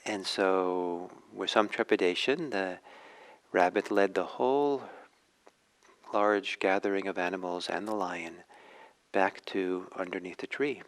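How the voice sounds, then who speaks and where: A male meditation teacher telling a teaching story in a dharma talk, gentle and unhurried, with frequent hesitations. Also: low-pitched, rough recording.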